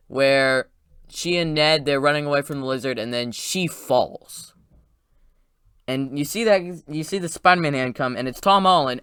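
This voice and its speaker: A man excitedly recapping a movie's plot in a casual, rambling spoiler review, with quick asides. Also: mid-range voice, smooth, dry recording, clean studio sound.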